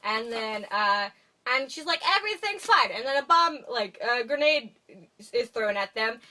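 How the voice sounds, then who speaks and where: A young woman casually retelling a movie's plot as a podcast co-host, full of fillers and quick character voices. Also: fairly high pitch, background noise. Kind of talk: casual movie recap chat.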